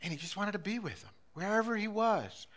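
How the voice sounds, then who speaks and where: A middle-aged man preaching a sermon as a pastor, impassioned, swinging between loud urgency and hushed, intimate passages. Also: high voice, animated, fairly quick.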